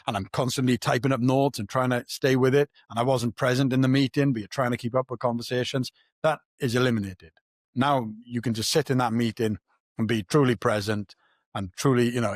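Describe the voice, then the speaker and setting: A man's voice: medium pitch, dry recording, studio quality. A man hosting a podcast, talking in an earnest, reflective way and thinking aloud in casual conversation. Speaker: podcast host.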